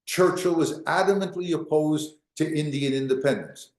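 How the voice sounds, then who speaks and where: A man's voice: on the high side, moderate pace, reverberant. A man, a history professor, giving an emphatic lecture and repeating key phrases for weight.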